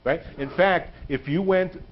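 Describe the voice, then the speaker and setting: A man with a somewhat high voice gives an animated, humorous lecture in a synagogue hall. He keeps checking in with his listeners. The recording is dull and lo-fi, like a livestream. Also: a little slow, slight background noise. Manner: animated storyteller, often adds "right?". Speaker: teacher lecturing a synagogue audience.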